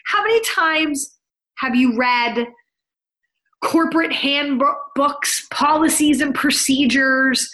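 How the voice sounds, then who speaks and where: A woman in her thirties hosting a podcast, talking on her own in an energetic, emphatic, conversational way as a business coach. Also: high voice, rough recording. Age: 30s. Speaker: podcast host. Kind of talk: solo podcast monologue.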